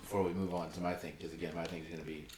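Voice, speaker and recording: Young guy with a really deep voice talking fast, kinda far from the mic in an echoey room. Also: flat delivery, noisy background. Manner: quick, rambling, full of likes. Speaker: podcast co-host. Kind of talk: casual chat.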